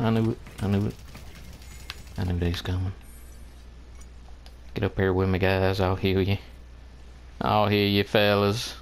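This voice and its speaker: A man with a drawl talks slowly through his gameplay, his voice sitting on the low side. He sounds exasperated as he keeps pleading with his teammates. A faint hiss runs under the headset recording. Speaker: gamer. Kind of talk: gameplay commentary.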